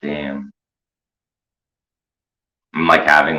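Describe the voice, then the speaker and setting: A man's voice: low voice, unhurried, sharp tone, highs cut off. A man hosting a commentary show, rambling through a crude, mocking, profane rant. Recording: echoey room.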